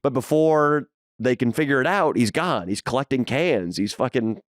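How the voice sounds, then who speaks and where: Casting: young man, podcast co-host, lively pitch, dry close mic, crude storyteller. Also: normal speed, no echo. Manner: animated storyteller, crude jokes. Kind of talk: casual chat.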